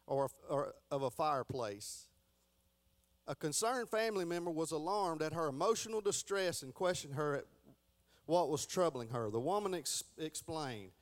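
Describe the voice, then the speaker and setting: A middle-aged man giving a folksy Sunday school lesson, stumbling and restarting as he reads aloud. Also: a little high.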